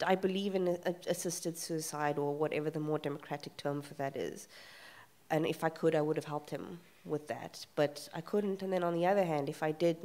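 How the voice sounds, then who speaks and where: A woman panel guest at a live festival talk, telling a painful family story candidly and emotionally, with many pauses and fillers. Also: sits low, a little mellow. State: emotional, near tears. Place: festival event room.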